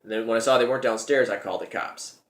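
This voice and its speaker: A man's voice: medium pitch, steady tone, quick pace, fairly bright tone. Rambling storyteller man, echoey room. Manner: rambling, repeats words while telling the story. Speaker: show host telling a personal story. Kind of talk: casual storytelling monologue.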